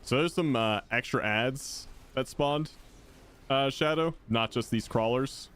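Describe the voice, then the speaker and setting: A man's voice: medium pitch, unhurried, a bit bright, clear, resonant tone. A man chatting casually with his viewers while playing a game live, laid-back and reacting as he goes. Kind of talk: casual live-stream chat while gaming.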